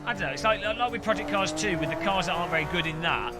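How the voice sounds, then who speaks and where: A man talks through a live sim-racing stream in a rambling, chatty way, reacting to viewers as he drives. His voice sits noticeably high for a man. Loud game music and engine noise play underneath him. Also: quick pace. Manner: rambling, chatty, reads and answers chat. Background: loud game music and car engine sounds.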